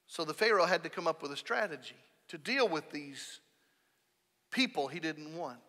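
A man preaches from the pulpit in a high, bright voice. He leans hard into stressed words, climbing to loud peaks. His voice rings with the long reverb of a church hall. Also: expressive, normal speed. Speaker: pastor. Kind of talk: sermon. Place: church sanctuary.

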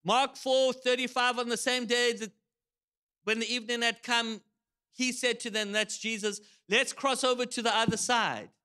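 Animated, bright-voiced male pastor preaching. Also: extremely high pitch, normal speed, clear, resonant tone. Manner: animated storytelling, shouts quoted lines. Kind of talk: sermon. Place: church.

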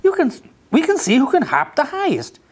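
A man doing a high, bouncy rabbit. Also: huge pitch swings, moderate pace, a little hiss or hum, heavily acted. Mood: cheerful. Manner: high, cheerful invitation.

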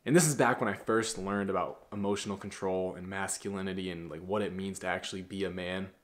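A young man in his twenties lectures in a blunt, preachy way, full of casual slang. His voice sits a little low as he coaches other men on how to carry themselves. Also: steady tone, fast talker. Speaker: masculinity coach. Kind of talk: casual motivational monologue.

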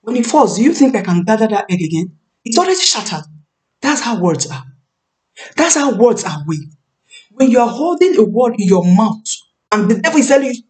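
A woman's voice: a little high, big pitch swings, darkish tone. Emphatic woman preacher, slightly distant mic. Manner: emphatic, repeats key phrases, slows to stress words. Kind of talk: sermon on marriage. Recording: voice a bit far from the mic.

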